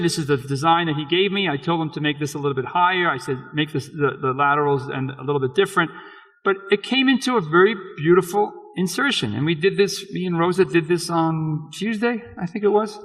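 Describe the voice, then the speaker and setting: A man's voice: on the high side, fairly bright tone. A man presenting dental case slides at a conference lecture, speaking in a conversational, frank way with frequent restarts. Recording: long reverb of a lecture hall.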